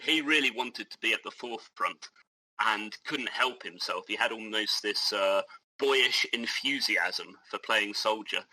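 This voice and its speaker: A man's voice: lowish voice, unhurried, sharp tone, no room sound, low-quality recording. A man co-hosting a casual history podcast, explaining events with enthusiasm. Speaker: podcast co-host.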